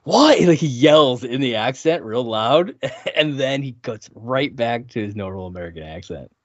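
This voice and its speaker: A man's voice: medium pitch, a little slow, fairly bright tone, dry recording. A man co-hosting a podcast, laughing often and recapping scenes with enthusiasm. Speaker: podcast co-host. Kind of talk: casual chat. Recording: dry, dull lo-fi sound.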